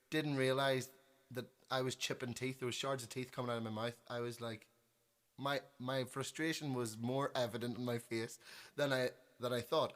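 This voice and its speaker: Chatty Northern Irish man telling a story. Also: mid-range voice. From Northern Ireland. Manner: self-deprecating, animated, trails off and restarts. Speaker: musician on livestream. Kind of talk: casual storytelling.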